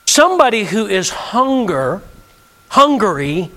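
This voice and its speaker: A man's voice: high-pitched, very animated, slow pace, fairly bright tone. A male pastor preaching a sermon, leading the congregation in call-and-response with emphatic delivery. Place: church sanctuary.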